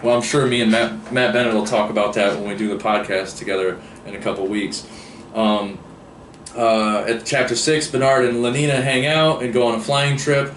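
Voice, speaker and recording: A man's voice: medium pitch, fairly even intonation, moderate pace, a bit bright. A man giving a casual book review, rambling with many fillers and restarts. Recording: roomy echo, distant mic, faint hiss.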